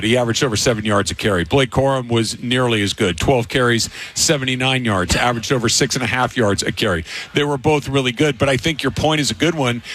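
Man hosting sports talk radio. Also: medium pitch. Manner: steady, measured, reads stats.

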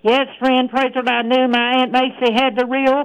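Radio evangelist, woman, high and clear, fervent, peppers every line with praise. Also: level tone, moderate pace, poor audio. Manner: fervent, punctuated with "praise the Lord" and "thank God". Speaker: radio preacher. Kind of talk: radio sermon.

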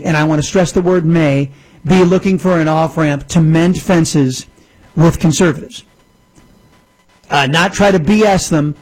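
A man's voice: high voice, low-quality recording. A man hosting casual political commentary, emphatic and repetitive, often calling his listeners folks. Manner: emphatic, repeats phrases, addresses folks.

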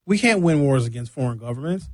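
An American man delivering a sarcastic, animated comedic rant with a mocking edge. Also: medium pitch, fast, no echo, low-quality recording. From United States.

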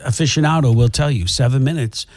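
A man's voice: medium pitch, fast, a little mellow, no room sound. A man co-hosting a radio show, chatting casually and rambling with restarts and fillers.

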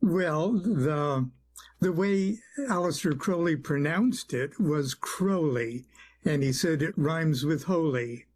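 A man being interviewed on late-night radio, answering thoughtfully with many pauses and fillers. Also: fairly high pitch, darkish tone, soft background music. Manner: hesitant, many uhs, thoughtful, chuckles. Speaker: guest, author and singer-songwriter.

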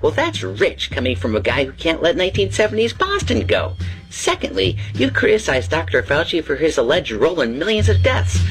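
A man voicing a smug governor in a mocking phone message, his pitch swooping widely. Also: huge pitch swings, fairly quick, a bit bright, faint music behind, exaggerated voice. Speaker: caller.

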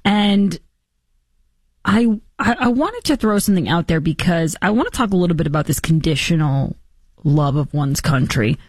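A woman's voice: fairly low pitch, lively intonation, normal speed, no echo. A woman hosting an opinionated political commentary show, sarcastic and mocking, slipping into impressions of the people she criticizes.

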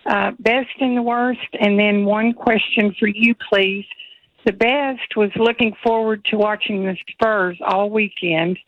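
A woman from Texas calling in to a radio show, chatting in a friendly, halting way with many fillers. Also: medium pitch, fairly even intonation, no echo. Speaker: radio caller. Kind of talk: casual call-in chat. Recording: dull phone-line sound.

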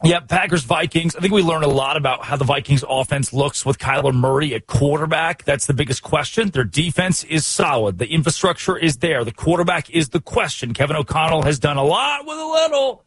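An American man hosting a sports radio show, talking fast and emphatic with strings of rhetorical questions. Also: on the high side, animated, a bit bright, breathy edge, no room sound. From United States.

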